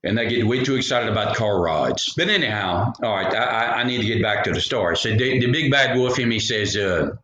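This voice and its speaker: A man's voice: lowish voice, animated, brisk, few pauses, bright, forceful tone. Rambling storyteller man. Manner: rambling, jokey asides. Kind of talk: folksy storytelling. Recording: roomy echo.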